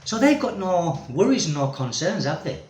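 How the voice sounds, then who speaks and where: A man's voice: sits high, sing-song, normal speed, a little mellow. A man vlogging as an expat, ranting casually to camera in a rambling, exasperated way full of tag questions. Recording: echoey room.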